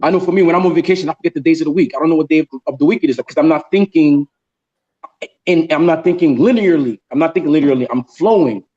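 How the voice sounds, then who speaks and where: Man, livestream panelist, emphatic, slightly higher voice, muffled lo-fi audio. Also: warm tone. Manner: emphatic, repeats key phrases, slows down to stress sayings. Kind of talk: casual livestream chat. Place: in a jungle. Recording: dull lo-fi sound.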